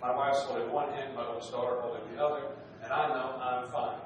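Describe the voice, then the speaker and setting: A middle-aged man, a minister, tells a personal story from the pulpit in a relaxed, humorous, conversational way, often restarting his phrases. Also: medium pitch, brisk, dull audio. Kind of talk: storytelling sermon. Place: church sanctuary. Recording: very echoey hall, distant, noisy.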